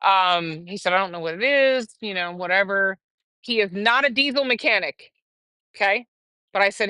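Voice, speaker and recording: A woman hosting a casual livestream, telling a story in a chatty, animated way with laughs. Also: medium pitch, fairly quick, no echo. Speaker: livestream host.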